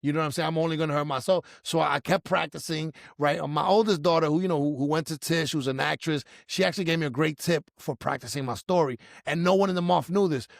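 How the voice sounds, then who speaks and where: A middle-aged man telling a personal story in casual chat, animated and acting out his own nervous moments. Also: a little high, quick pace, creaky, few pauses, no echo, clean studio sound. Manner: animated, acts out his own past panic in quotes. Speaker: storyteller guest.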